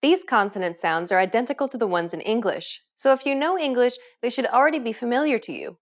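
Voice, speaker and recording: A woman teaching a scripted pronunciation lesson, explaining clearly and upbeat, modeling example words. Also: fairly high pitch, fast talker. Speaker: language teacher.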